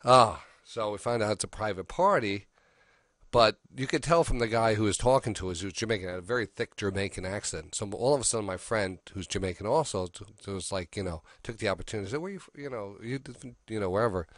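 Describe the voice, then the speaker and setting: A man's voice: fairly low pitch, fast talker, a bit bright, dry recording, clean studio sound. A middle-aged man hosting a radio show, telling a rambling personal story full of restarts and quoted dialogue. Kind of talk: casual storytelling.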